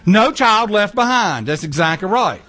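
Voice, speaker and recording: A man preaching a sermon in an animated, joking way, acting out little quoted lines. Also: high voice, normal speed. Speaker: pastor.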